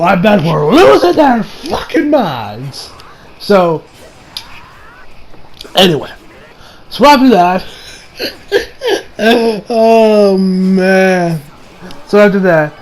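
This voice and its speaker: Excitable high-voiced young man, swearing freely. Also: slight background noise. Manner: excitable, swears often, many fillers and restarts. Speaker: anime reviewer. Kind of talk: casual episode review.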